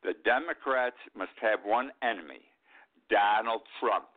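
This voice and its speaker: A man's voice: lowish voice, unhurried. An older man hosting a talk show, giving an indignant, emphatic political commentary and repeating his points. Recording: tinny phone-like line.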